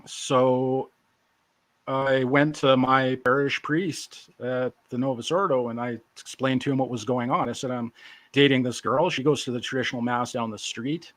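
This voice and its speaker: A man in his forties recounts his life story as an interview guest, speaking casually with self-deprecating jokes. His medium-pitched voice is steady at a moderate pace, recorded dry and close with no room sound.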